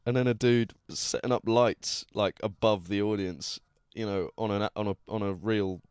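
A man's voice: lowish voice, fairly even intonation, normal speed, a little mellow, smooth, no room sound, clean studio sound. A man hosting a casual chat, telling a story with many restarts. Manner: rambling, restarts often. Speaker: podcast host.

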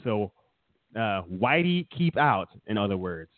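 A man's voice: fairly low pitch, very animated, unhurried, no room sound. A man co-hosting a casual political chat show, sarcastic and mocking, who laughs often. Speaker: podcast co-host. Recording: dry, tinny phone-like sound.

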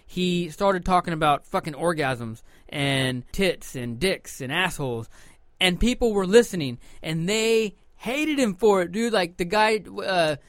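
A man's voice: high voice, animated, a little slow, no echo. A man co-hosting a podcast, talking in a rambling, emphatic way and swearing freely. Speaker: podcast co-host. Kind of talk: casual profane chat.

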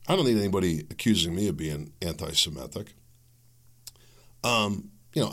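A man's voice: sits low, fairly bright tone. A man hosting his own podcast, ranting through solo political commentary and acting out the people he quotes. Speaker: podcast host.

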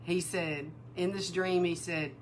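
A woman minister giving a sermon-style testimony, animated and emotional, acting out the dialogue in her story. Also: lowish voice, a little slow, slight background noise. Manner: emotional, near tears. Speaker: prophetic minister.

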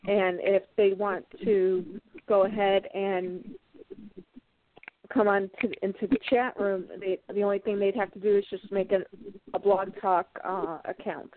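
A woman co-host speaks at a middling pitch and explains things slowly, with pauses along the way. Her voice comes through narrow and tinny, like a phone line. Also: steady tone. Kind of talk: casual podcast interview.

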